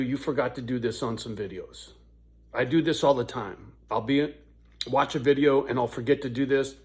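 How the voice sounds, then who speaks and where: Man, fifties, unhurried drawl, salty laid-back storyteller, casual vlog. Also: medium pitch. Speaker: YouTuber.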